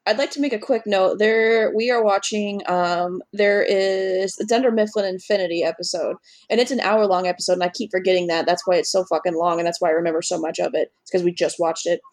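A woman co-hosting a podcast in casual chat, animated, swearing often and acting out scenes. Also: on the low side, fairly quick, hardly any pauses, no echo. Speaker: podcast co-host.

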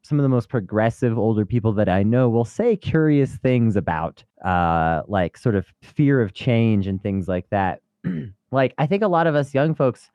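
A man co-hosting a podcast, speaking in a relaxed, thoughtful and slightly hesitant way. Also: lowish voice, normal speed, no room sound. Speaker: podcast co-host. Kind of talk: casual political chat. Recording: dull, dry close-mic sound.

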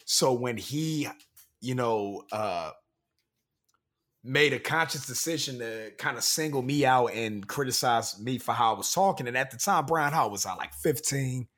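A man's voice: medium pitch, animated, measured pace, a bit bright. Earnest young man venting frustration. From Pennsylvania, USA. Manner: earnest, frustrated, speaks properly. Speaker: podcast co-host. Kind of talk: casual podcast chat.

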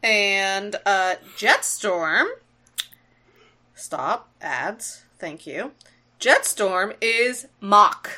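A woman's voice: mid-range voice, animated, extremely slow, bright, forceful tone. A woman co-hosting a podcast, chatting playfully, teasing her partner and swearing casually. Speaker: podcast co-host. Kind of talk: casual chat.

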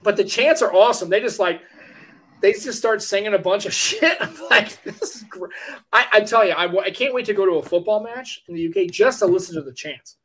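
A middle-aged American man co-hosting a podcast, talking in an excitable way, swearing freely and laughing often. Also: high voice, fairly quick. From United States. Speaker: podcast co-host. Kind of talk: casual chat.

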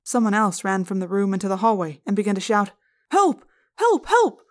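Woman, audiobook narrator, first-person story, steady, measured, mid-pitched voice. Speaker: audiobook reader.

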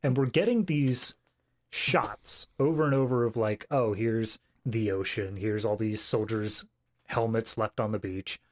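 A man's voice: on the low side, unhurried. A man co-hosting a film podcast, talking casually with dry humour. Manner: wry, dry jokes. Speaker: podcast co-host. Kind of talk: casual film review chat.

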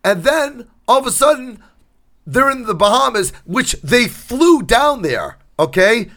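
A man co-hosting a casual podcast, retelling a film plot with sarcastic asides and quick acted-out quotes. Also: extremely high pitch, big pitch swings, fairly bright tone. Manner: sarcastic storytelling, acts out quotes. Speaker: podcast co-host. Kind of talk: casual chat.

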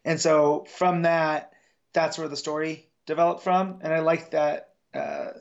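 An American man co-hosting a podcast, chatting casually about a film and sometimes bursting into excitement. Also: fairly high pitch, a little slow, vocal fry. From United States. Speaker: podcast co-host. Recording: dull lo-fi mic.

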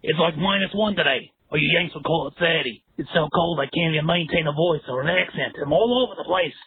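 A man's voice: on the high side, quick pace, slightly rough, no room sound. A man voicing a cheery Australian caller with a slangy, exaggerated way of talking, on a tinny phone voicemail. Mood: chirpy. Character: cheery Australian bloke calling in.

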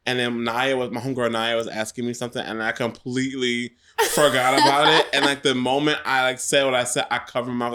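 Man, guest co-host, casual chat, animated storytelling, laughs through punchlines, bright tone. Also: medium pitch, quick pace.

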